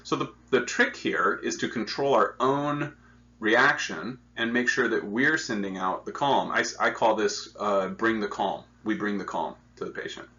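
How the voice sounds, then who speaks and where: A man with a bright, forceful voice and a fairly low pitch leads a hospital staff training talk. He explains each point earnestly, often repeating words as he goes. The recording sounds dull and lo-fi. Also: unhurried. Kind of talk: instructional training lecture.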